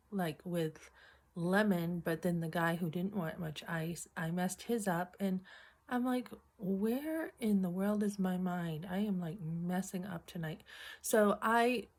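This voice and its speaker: A middle-aged woman talks casually to her camera, retelling a funny workday with lively acted-out quotes. Her voice sits a little low for a woman. She clears her throat often as she chats along. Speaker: vlogger. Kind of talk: casual storytelling.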